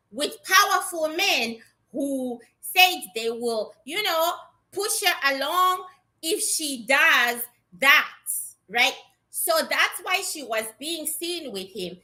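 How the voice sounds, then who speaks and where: A woman's voice: sits high, sharp tone. A woman giving a casual, blunt psychic reading to her viewers, chatty and swearing freely. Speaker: psychic reader.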